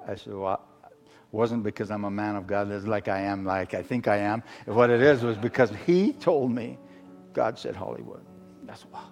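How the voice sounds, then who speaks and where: A middle-aged man from Arizona, a guest preacher telling a story as a sermon testimony, halting, with many fillers and restarts. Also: on the low side, darkish tone. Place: church sanctuary. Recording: long hall reverb with faint music.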